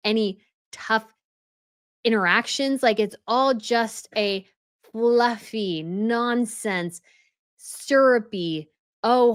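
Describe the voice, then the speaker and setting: एक महिला होस्ट, जो व्यंग्य भरे और तीखे लहजे में एक वीडियो पर टिप्पणी करती है।. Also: female voice, mid-range voice, fairly bright tone, no echo, clean studio sound. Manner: sarcastic, scornful running critique. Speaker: commentary channel host. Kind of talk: reaction commentary.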